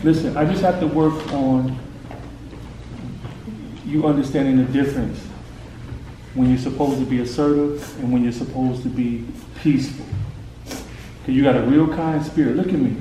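A man's voice: mid-range voice, steady tone, moderate pace, long pauses, warm tone. Echoey, distant man urging a boy on. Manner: urgent, pushing, encouraging commands. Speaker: mentor coaching a boy. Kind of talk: hands-on faith coaching session. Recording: echoey room, distant mic, noisy.

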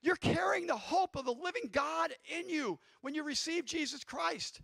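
New guy preaching, really high voice, bright and punchy, shouts a lot, gets the crowd answering back, dry sound. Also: moderate pace, creaky, no echo. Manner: excitable, shouting bursts, congregation call-and-response. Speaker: guest preacher. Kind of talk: sermon.

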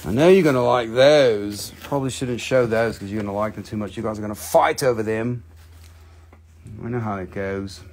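A man's voice: fairly low pitch, normal speed, a little mellow. A man hosting a live stream, selling crystals and stones in a casual, joking, chatty way, sometimes swearing. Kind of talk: casual live sales chat.

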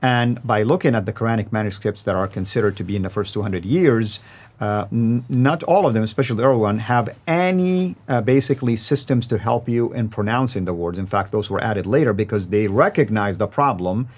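Lower-voiced man, measured. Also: expressive, darkish tone. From Saudi Arabia. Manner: measured, with frequent hesitations. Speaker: guest scholar. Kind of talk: interview answers.

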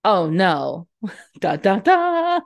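A woman's voice: medium pitch, sing-song, drawn-out words. A young woman co-hosts a casual podcast, her voice sitting in a middle register. She recaps a film in a chatty, giggly way and briefly acts out the characters' lines. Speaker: podcast co-host. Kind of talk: casual movie recap chat.

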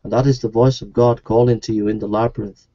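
Guy preaching, earnest and repetitive, mellow tone, kinda dull recording. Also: on the low side, steady tone, quick pace. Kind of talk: sermon.

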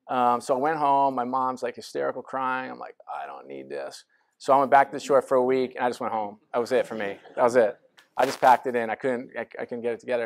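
A man in his forties giving a casual, self-deprecating storytelling talk to a lecture audience, with lots of fillers. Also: mid-range voice. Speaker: guest speaker. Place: lecture hall.

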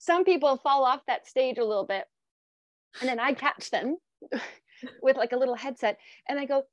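A woman's voice: high-pitched, moderate pace, dry recording. A woman photography mentor chatting casually, spinning a playful, imaginative story. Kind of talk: casual panel chat.

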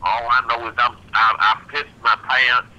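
A man's voice: mid-range voice, flat delivery, measured pace, bright, forceful tone, dull audio. Distressed man in his 60s on the phone. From Tennessee, US. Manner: rambling, agitated, swears. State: distressed and confused. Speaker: caller leaving a voicemail. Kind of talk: phone message.

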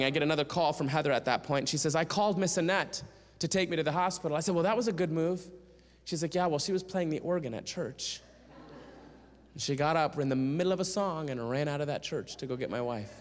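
A man giving a storytelling sermon as a guest speaker and singer, animatedly acting out the voices of the people in his story. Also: fairly high pitch. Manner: animated storyteller who acts out quoted voices. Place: church sanctuary. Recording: long church reverb.

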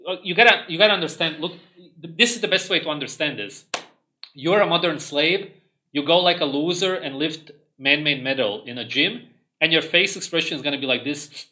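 A man hosts a livestream in a contemptuous, ranting monologue. His voice is bright, forceful and fairly high for a man. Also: fairly quick. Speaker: livestream host.

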